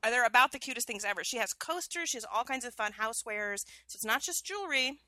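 Bright, chatty woman in a dry room. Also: fairly high pitch, fast, no room sound. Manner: lively, chatty. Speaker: podcast co-host. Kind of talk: casual chat.

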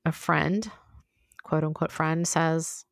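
Female solo podcast host, lower register, candid conversational delivery, dry close-miked sound. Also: steady tone, slow, gravelly, dry recording. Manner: frank, conversational, full of asides.

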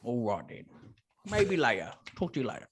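A man's voice: mid-range voice, very animated, brisk, breathy edge. A man voicing a washed-up male adventurer hooked on healing potions, who talks in a rambling, easygoing way. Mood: greedy.

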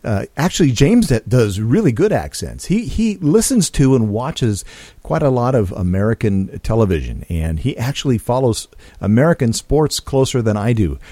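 A man's voice: mid-range voice, normal speed, no echo. A man hosting a podcast, talking casually with fillers and restarts between listener comments. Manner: relaxed, chatty with frequent fillers and restarts. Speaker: podcast host.

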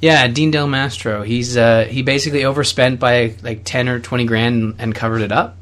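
A man's voice: medium pitch, fairly even intonation, brisk, fairly bright tone. A young Canadian man co-hosting a podcast, chatting casually with lots of fillers and restarts. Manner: rambling, many fillers and restarts. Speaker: podcast co-host. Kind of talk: casual chat.

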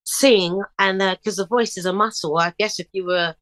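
A middle-aged woman telling stories in a casual interview, lively, breaking into bits of song. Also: medium pitch, normal speed, no echo, poor audio. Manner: animated storyteller, bursts into snatches of song. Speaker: guest singer.

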